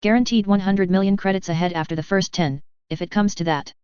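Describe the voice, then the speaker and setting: A woman voicing a polished, cautious man fixer who speaks calmly, formally and courteously, in an audiobook read. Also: medium pitch, fast, smooth, dry recording, dull audio, natural voice.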